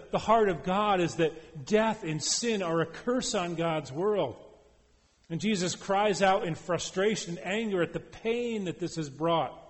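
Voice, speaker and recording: A man preaching a sermon, moving between forceful emphasis and soft, hushed passages. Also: on the high side. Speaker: preacher and professor. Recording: long hall reverb.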